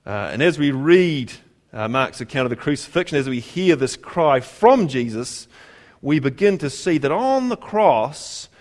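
A man's voice: mid-range voice, darkish tone. A man preaching a sermon in a conversational tone, asking the congregation rhetorical questions and repeating key phrases for emphasis.

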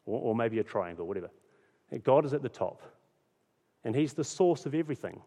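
Male pastor, mid-pitched, earnest sermon delivery with repeated refrains; long hall reverb. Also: lively intonation, a little fast, mellow. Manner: earnest, repeats key phrases for emphasis.

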